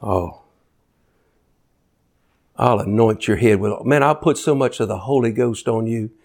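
A man preaching a sermon in a folksy way, building to high, excited shouts. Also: unhurried.

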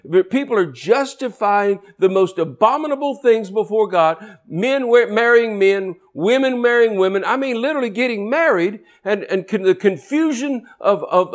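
Fervent high-voiced older preacher. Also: male voice. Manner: fervent, rising to near shouting. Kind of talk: sermon.

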